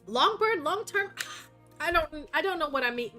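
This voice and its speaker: Woman, russian accent, bright forceful tone, slightly high, rambling casual gaming chat, faint music behind. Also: animated, normal speed. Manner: rambling, chatty, swears freely. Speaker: streamer.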